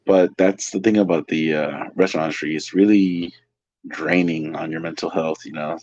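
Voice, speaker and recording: A man's voice: extremely low pitch, steady tone, normal speed, a little mellow, a little hiss or hum. A man from California, a waiter, telling loose, profane stories in a casual interview. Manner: profane, loose anecdotal storytelling. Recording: dry, slightly muffled.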